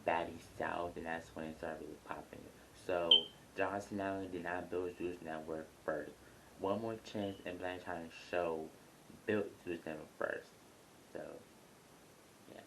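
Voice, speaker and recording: A young man with a very low voice talks through a reality show in a loose, rambling way, blunt and chatty. He records at home, and a faint rumble of planes passing overhead hums behind him. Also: fairly even intonation, moderate pace, low-quality recording. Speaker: YouTuber reviewing a reality show. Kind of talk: casual review vlog. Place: home near an airport, airplane noise.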